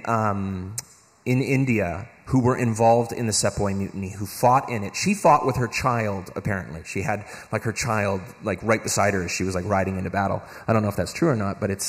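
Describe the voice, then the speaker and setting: Male guest speaker at a convention, lively, trips over words, long hall reverb. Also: fairly low pitch. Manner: animated, acts out quoted voices, many restarts. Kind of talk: convention talk.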